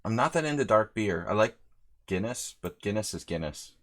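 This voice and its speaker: Between moves in his live chess simul, a Hungary-based man rambles chattily and reads out the names of viewers. He sounds animated, with a voice on the low side and a moderate pace.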